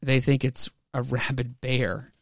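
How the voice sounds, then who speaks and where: A man's voice: medium pitch, monotone, measured pace, dry recording, clean studio sound, close to an everyday voice. A man reading as a frazzled young principal. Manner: weary, swearing, rambling.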